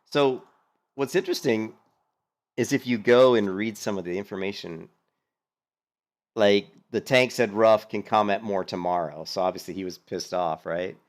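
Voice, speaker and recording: A man giving casual, rambling gaming commentary, animated, with lots of fillers and some swearing. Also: fairly low pitch, moderate pace. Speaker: gaming streamer commentating on a hardcore game run.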